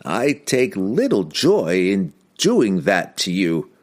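A pampered, scheming wizard speaks in a slow, crooning purr with quiet menace, as a man reads him aloud. The voice sits low yet rises and falls with lively inflection. It is drawn-out and calm, with an evil edge. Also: heavily acted. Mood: silky menace.

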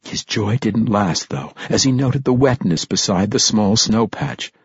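A man reading a fantasy audiobook in a measured, dramatic storytelling manner. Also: fairly low pitch, husky, dry recording, highs cut off. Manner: measured, dramatic storytelling that lifts for tense moments. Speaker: audiobook narrator. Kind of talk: scripted fantasy audiobook narration.

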